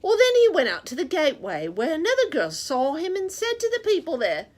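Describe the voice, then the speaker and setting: A woman's voice: sits high, wildly swooping pitch, a little fast. A woman voicing a chatty rooster puppet who reads Bible stories to children, with a sing-song, rhyming way of talking straight to the kids. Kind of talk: children's show reading.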